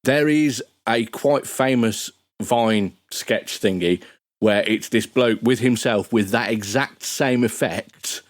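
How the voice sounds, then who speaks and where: A man's voice: mid-range voice, takes it slowly, dry recording. Chatty man with a dry close sound. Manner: rambling, chatty, many restarts. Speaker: podcast guest. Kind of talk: casual podcast chat.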